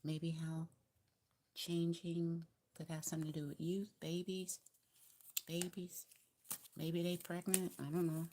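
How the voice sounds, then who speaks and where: A Southern-accented woman talks through a tarot reading in a loose, chatty way, cheering the listener on and circling back to the same advice. Her voice sits low in pitch. Faint background noise runs under her speech. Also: little pitch movement, a little slow, long pauses, dark tone. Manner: chatty, repetitive, encouraging, with colloquial grammar. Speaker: tarot reader. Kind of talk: casual tarot card reading.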